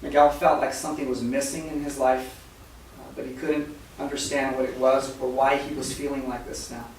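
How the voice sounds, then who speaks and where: A man preaching a sermon as a story, soft-spoken and halting, with many fillers and repeated words. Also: medium pitch, level tone. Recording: very echoey hall, mic far off, faint noise.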